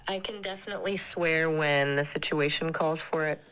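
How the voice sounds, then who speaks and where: A woman's synthetic AI assistant voice in casual chat, polite, measured and upbeat. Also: sits low, a bit bright, clear, resonant tone, rough recording.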